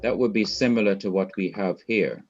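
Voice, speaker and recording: A man from Jamaica teaching a Hebrew grammar class online, explaining slowly and repeating his points. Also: fairly low pitch, highs cut off, a little hiss or hum. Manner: slow, patient, repeats points.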